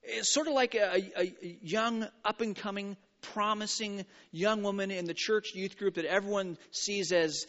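A man preaching a sermon, animated and playful with frequent stumbling restarts, in an echoing church hall. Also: high-pitched, moderate pace, few pauses. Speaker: pastor. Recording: reverberant hall, dull sound.

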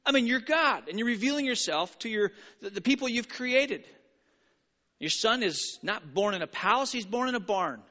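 A man preaching a sermon, animated and playful with frequent stumbling restarts, in an echoing church hall. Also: sits high, moderate pace. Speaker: pastor. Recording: reverberant hall, dull sound.

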